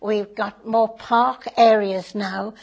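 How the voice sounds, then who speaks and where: An older woman talks about her neighbourhood. Her voice is creaky and husky, and she rambles in an easy, chatty way, tagging on little phrases like "it is" at the ends of her sentences. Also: mid-range voice, fairly even intonation, slow pace, a little mellow, lo-fi sound. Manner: chatty, with fillers and tag phrases like "it is". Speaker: community volunteer and board member. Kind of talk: interview, casual recollection.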